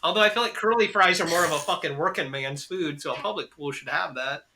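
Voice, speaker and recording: A young American man co-hosting a podcast in casual chat, rambling, profane and excitable. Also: a little high, fast, a little hiss or hum. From United States. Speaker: podcast co-host.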